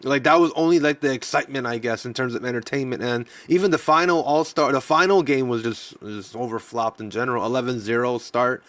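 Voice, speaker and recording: A man's voice: medium pitch, brisk, few pauses, fairly bright tone, no room sound, far from the mic. A man co-hosting a sports podcast in casual chat, talking loosely with lots of restarts. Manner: loose and rambling, many restarts and fillers.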